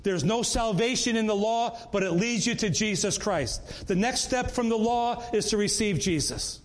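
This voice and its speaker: A man's voice: sits high, normal speed. A man leading a Bible study in an earnest, conversational way, often repeating words and restarting.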